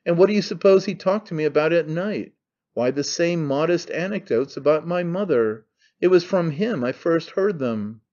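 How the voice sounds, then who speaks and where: Man reading as a cynical young son, mocking, offhand, slightly high voice, dull lo-fi sound. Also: expressive, moderate pace, a little mellow, natural voice. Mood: scornful. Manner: sneering, offhand, needling.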